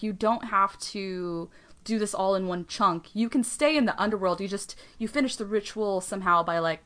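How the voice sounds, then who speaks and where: A woman co-hosting a podcast in casual chat, telling a story with lively quoted voices, frequent laughter and swearing. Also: mid-range voice. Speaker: podcast co-host.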